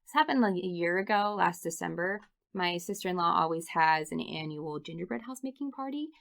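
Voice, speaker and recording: A woman in her thirties, a podcast guest, telling funny stories in an animated way and laughing often. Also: on the low side, a little fast, gravelly. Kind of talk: casual storytelling interview.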